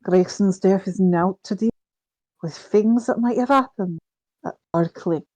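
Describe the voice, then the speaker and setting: A woman's voice: mid-range voice, measured pace, a little mellow, no echo, lightly acted. A woman voicing a sly male prison governor in a put-on Scottish accent, reading game dialogue aloud with a dry, wry manner. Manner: dialect-heavy, wry reading of game lines.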